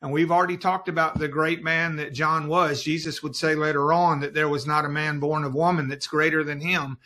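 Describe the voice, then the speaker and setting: A man's voice: fairly high pitch, level tone, a little fast, sharp tone. A man who is a guest on a Bible study podcast, explaining passages in an earnest way.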